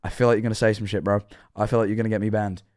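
A man's voice: lowish voice, little pitch movement, rapid-fire, darkish tone. A man livestreaming his reaction to a horror series, rambling and swearing as he talks to his chat, his voice worn out. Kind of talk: casual livestream commentary.

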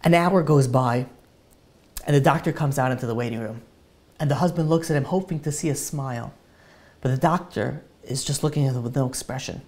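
A man's voice: medium pitch, fairly quick, a little mellow. A rabbi giving a sermon, telling an emotional story, his voice rising with feeling as he urges his listeners.

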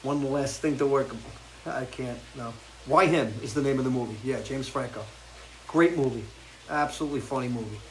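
A man hosting a casual live chat with viewers, rambling and crude, jumping from loud, animated outbursts to low mutters. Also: normal speed, slight background noise, rough recording. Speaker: host.

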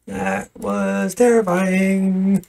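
Female streamer, casual gameplay commentary, unhurried pace, gravelly fry, anxious little laughs. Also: medium pitch, sing-song, darkish tone. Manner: nervous laughs, talks to game creatures. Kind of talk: casual let's-play commentary.

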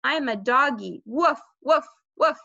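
A woman's voice: high voice, expressive, slow, vocal fry, sharp tone, dry recording, heavily acted. A woman voicing a stubborn toddler boy who talks in clipped baby talk, in a dull lo-fi recording. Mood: playful.

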